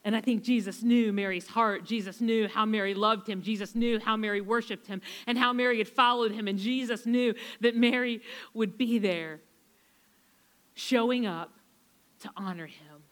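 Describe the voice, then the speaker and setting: A woman preacher retelling a story in a sermon, emphatic, repeating phrases and slowing down to stress key lines. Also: a little high, steady tone, fairly bright tone.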